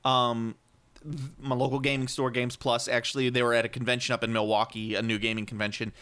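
A man's voice: mid-range voice, little pitch movement, brisk, a bit bright, clear, resonant tone. An American man, the host of a casual gaming podcast. He rambles and loses his thread, drops swear words freely, and laughs at his own remarks. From United States. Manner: rambling, swears a lot, laughs often, many fillers. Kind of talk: casual chat.

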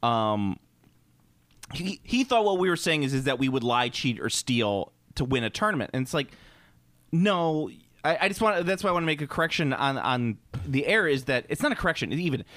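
A man chats casually on a podcast, his pitch a bit high and swinging widely as he rambles. He swears freely. The sound is dry and close. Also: big pitch swings, normal speed, fairly bright tone, dry recording. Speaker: co-host.

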